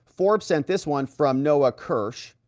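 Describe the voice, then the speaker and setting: Brief: male legal commentator, lively sarcastic delivery, voices swing up and down, dry close mic. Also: a little high, slow pace, no room sound. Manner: animated, sarcastic, acts out quotes in voices. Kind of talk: casual commentary retelling court testimony.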